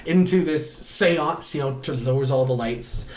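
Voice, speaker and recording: A man's voice: mid-range voice, unhurried, a little mellow, reverberant. A man hosting a podcast, casually recapping a movie in a rambling, profane way. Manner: rambling, profane, acts out characters' lines. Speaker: podcast host. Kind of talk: casual chat recapping a film.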